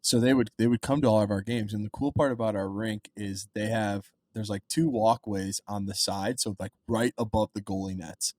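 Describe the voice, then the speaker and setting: A man's voice: lowish voice, fairly even intonation, moderate pace, few pauses, darkish tone. A young man in his twenties co-hosting a podcast, chatting casually and rambling with plenty of fillers. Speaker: podcast co-host. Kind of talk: casual chat.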